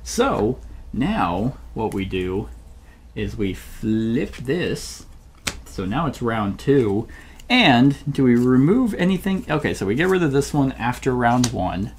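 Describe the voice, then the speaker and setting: A man's voice: mid-range voice, sing-song, a little slow, slight background noise. A man hosting a solo board game playthrough, thinking aloud and often searching for the right word mid-sentence. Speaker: channel host playing a board game solo.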